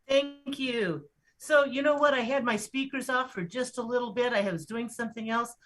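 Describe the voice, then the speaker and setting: A woman's voice: fairly high pitch, normal speed, fairly bright tone, faint music behind. A woman city councilor giving a playful, teasing tribute. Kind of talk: joking tribute over a video call.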